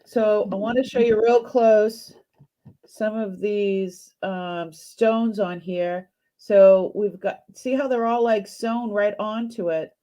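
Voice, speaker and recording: Slow-talking chatty woman in her fifties. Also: medium pitch, fairly even intonation, warm tone. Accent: Boston. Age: 50s. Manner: chatty, hesitant, greets viewers by name. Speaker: live sale host. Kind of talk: casual live jewelry sale. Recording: dull lo-fi stream audio.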